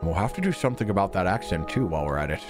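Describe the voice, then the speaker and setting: A man voicing a stern, eccentric retired old British gentleman with a gruff, clipped, scolding delivery. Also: low voice, animated, very fast, over music, pitched below the performer's own voice. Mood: lecturing. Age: older.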